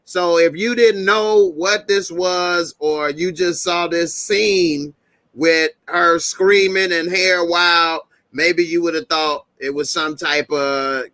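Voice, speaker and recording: A man's voice: a little high, bright, forceful tone, dry recording. A man hosting a casual roundtable review chat, joking and making playful asides. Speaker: host of a review show.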